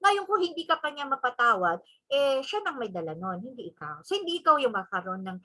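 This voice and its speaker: A woman with a Filipino accent gives a lecture in a bright, clear, fairly high voice. Her pitch rises and falls widely as she stresses her points. She often tags her lines with "no?" or "okay?" to draw in the audience. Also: very animated, fast, rough recording. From Philippines. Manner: emphatic, switches between English and Tagalog, frequent "no?" tag questions. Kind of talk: convention lecture.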